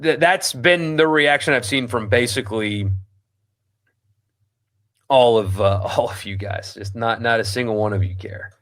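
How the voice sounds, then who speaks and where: A man's voice: mid-range voice, a little slow, a bit bright. A man hosting a sports talk show, reading listener comments aloud and answering them bluntly, with a lot of ums and restarts. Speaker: sports radio host.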